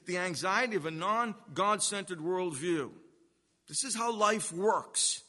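A man preaching a sermon, earnest and emphatic, slowing down to stress key words. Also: high-pitched, lively intonation, sharp tone. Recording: long reverb of a hall.

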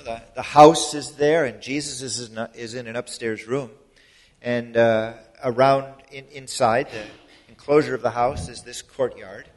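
A man preaching a sermon in an earnest, explanatory way, his loudness rising and falling for emphasis. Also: mid-range voice. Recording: long hall reverb.

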